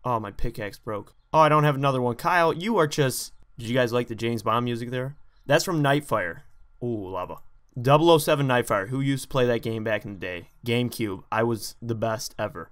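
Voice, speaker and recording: A man hosting a let's play, talking straight to his viewers in a jumpy, excitable way as he plays. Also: medium pitch, brisk. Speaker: gaming channel host.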